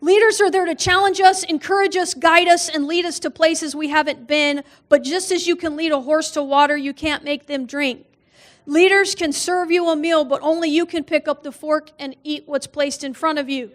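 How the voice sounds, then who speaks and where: Woman guest preacher, high voice, funny storyteller who acts out the voices in her stories. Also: steady tone, normal speed. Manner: humorous storytelling, acts out quoted voices, laughs often. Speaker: guest speaker. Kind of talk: sermon with personal stories. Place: church.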